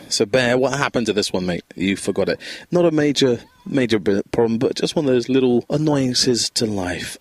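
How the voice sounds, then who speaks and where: A Scout leader records a laid-back solo podcast from his home beside a window, his talk wandering and easily sidetracked. He has a mid-range voice, and there's no echo.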